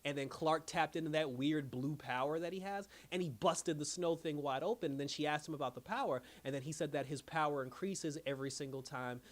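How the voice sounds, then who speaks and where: A man's voice: on the high side, brisk, few pauses. A man giving a casual, rambling recap of a cartoon episode, full of fillers and acted-out quotes. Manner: rambling, animated retelling with many fillers. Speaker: episode reviewer.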